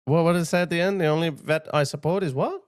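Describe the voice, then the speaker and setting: A man with a fairly high voice delivers fired-up commentary to camera. He hammers his points with repetition and sounds openly indignant. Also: fast. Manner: emphatic, indignant, repeats phrases for force. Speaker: political commentator. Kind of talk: impassioned video commentary.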